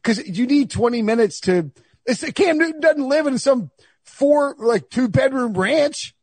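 A married man hosting a sports podcast, riffing in an animated, exasperated way with stumbles and restarts. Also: extremely high pitch, unhurried, slightly rough, no room sound. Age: adult, married. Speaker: podcast host. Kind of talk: casual sports podcast chat.

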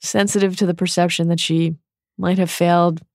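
A woman co-hosting a podcast, animated and laughing often as she discusses a book. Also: fairly low pitch, moderate pace, dry recording, studio quality. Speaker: podcast co-host.

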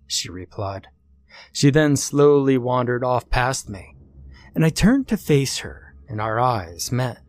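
A man telling a first-person horror story, expressive and acting out the dialogue. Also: mid-range voice, measured pace.

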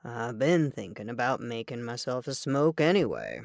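Woman voicing a calm, steely cowboy. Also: gravelly, no room sound, clean studio sound, exaggerated voice. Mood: cool. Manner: low, calm and measured, with a quiet edge. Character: cool, steady cowboy gunfighter, adult man. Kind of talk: audiobook character voice.

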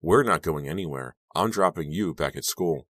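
A man reading an audiobook, voicing a scared and angry teenage girl who snaps and yells. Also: a bass voice, moderate pace, dry recording. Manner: snapping, shouting.

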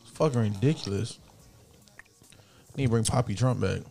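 A man's voice: lowish voice, normal speed, creaky, warm tone, husky, soft background music. A man, trading joking, profane banter as a podcast co-host. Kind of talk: casual chat.

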